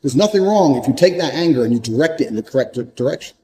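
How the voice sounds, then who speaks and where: This motivational speaker talks in a rapid-fire, expressive way with a mellow mid-range voice, captured in a rough recording. His monologue is blunt and profane, driving each point in through repetition.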